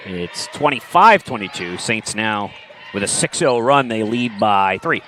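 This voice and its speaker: Basketball play-by-play guy, bouncy swinging voice, bright and forceful, quick dry jokes. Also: lowish voice, slight background noise. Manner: brisk, excitable calls with wry asides. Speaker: play-by-play commentator. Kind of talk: live basketball commentary.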